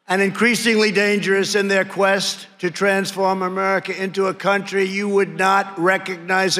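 A man in his seventies with a high, pushed, bright voice gives a boastful, mocking rally speech into a podium microphone, repeating punchlines and tossing out nicknames. He speaks before a crowd in a large conference hall, and the recording carries hall reverb along with crowd and room noise.

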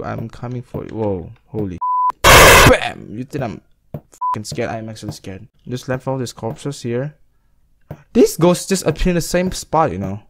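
A young man giving rambling let's-play commentary, yelling at the characters on screen. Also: on the low side, lively intonation, measured pace, creaky, noisy background. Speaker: gaming commentator.

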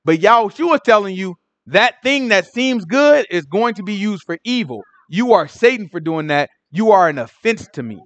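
A man teaching the Bible in a casual, slangy style with animated asides. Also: high-pitched, normal speed, hardly any pauses, no room sound.

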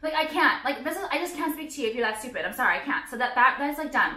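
A young woman vlogs into a phone camera in a blunt, foul-mouthed rant, her talk packed with "like". Her voice sits a little high and sounds bright and sharp. The room around her is echoey. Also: animated, fast, hardly any pauses, a little hiss or hum. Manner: blunt, profane, peppered with "like". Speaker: vlogger. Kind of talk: ranting casual vlog. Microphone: phone camera at arm's length.

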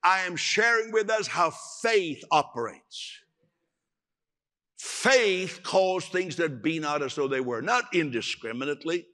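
An older male pastor preaches with emphatic, animated delivery. His voice is bright and ringing and sits a little high. He hammers his points and plays out quotes as he goes. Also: a little slow. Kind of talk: sermon.

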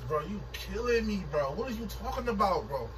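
A man's voice: sits high, very animated, a little slow. A man in casual banter, protesting in slangy speech. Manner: slangy, protesting, repeats "bro". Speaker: vlogger. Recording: distant mic in a noisy room.

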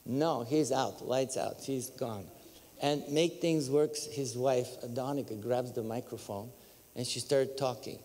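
A man with a Bulgarian accent telling his testimony as a preacher, animated and storytelling, breaking into high exclamations and laughter. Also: a little slow, big-room sound. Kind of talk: testimony sermon. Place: large church hall.

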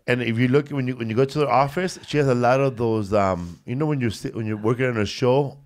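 A man's voice: mid-range voice, quick pace. A man who hosts a comedy podcast, rambling through funny anecdotes in casual chat and saying "bro" constantly.

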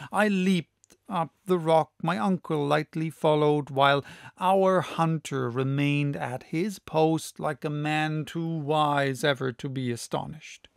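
A man narrating a classic novel as an audiobook in a measured, deliberate reading. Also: fairly high pitch, vocal fry, no room sound, clean studio sound.

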